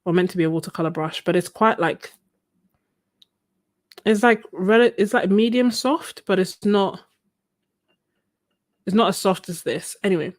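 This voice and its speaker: Woman, unhurried, casual livestream chat, rambling with fillers, laughs often, at a home desk. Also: mid-range voice. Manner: chatty, rambling with many fillers and restarts. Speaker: art livestreamer. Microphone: phone.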